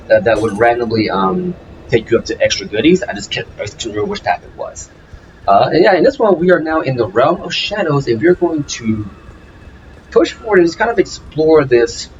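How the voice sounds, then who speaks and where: A man's voice: mid-range voice, dull audio, a little hiss or hum. A man hosting a let's play, talking casually through his game with lots of fillers and restarts. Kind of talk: casual gameplay commentary. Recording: game music playing behind. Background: game music.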